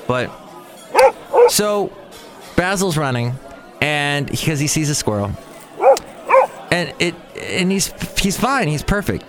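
A man's voice: medium pitch, fairly bright tone. A man hosting his own show, talking in a rambling, chatty comic monologue with self-mocking asides. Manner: chatty, self-mocking, swings into impressions and exclamations.

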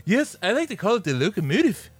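A man's voice: high-pitched, very animated, quick pace, soft background music, voice pushed up. A man putting on a chirpy anime schoolgirl dubbed with a Canadian accent, parodying it.

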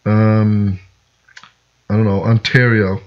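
A relaxed man from Newfoundland talking casually on a podcast, often pausing and restarting as he thinks. The recording sounds slightly dull and lo-fi. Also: fairly low pitch. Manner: relaxed, hesitant, many ums and restarts. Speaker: podcast co-host. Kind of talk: casual chat.

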